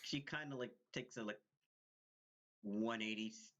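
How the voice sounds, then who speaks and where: Hesitant low-voiced man running a tabletop game. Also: measured pace, a bit bright. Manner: hesitant, many fillers and restarts. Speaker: game master. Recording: dull lo-fi recording.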